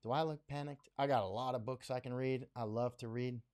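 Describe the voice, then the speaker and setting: Speaking in a mid-range voice with a darkish, steady tone, a middle-aged American man hosts a live stream, talking a little fast. His unscripted commentary is blunt and emphatic, with frequent repetition to hammer home his points.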